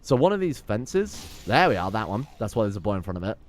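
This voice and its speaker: A man's voice: on the low side, sing-song, fairly quick. A man giving sweary, sarcastic let's play commentary while playing a game. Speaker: gameplay commentator.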